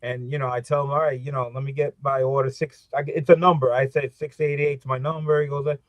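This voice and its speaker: A man's voice: medium pitch, little pitch movement, fast, no echo. A man co-hosting a casual chat, easygoing and agreeable, with a lot of "you know". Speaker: co-host.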